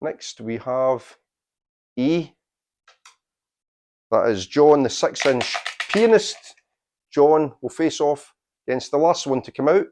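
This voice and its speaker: Slow, deliberate man announcing. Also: fairly high pitch, a little mellow. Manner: deliberate, unhurried announcing with dry asides. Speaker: quiz host. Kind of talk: announcing a tournament draw.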